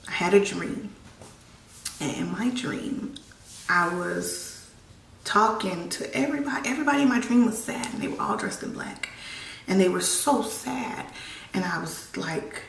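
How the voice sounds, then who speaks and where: A young woman telling a personal story on her vlog, halting and emotional with many restarts, holding back tears. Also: mid-range voice, lively intonation, vocal fry, far from the mic. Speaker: vlogger. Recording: echoey room, voice a bit off-mic.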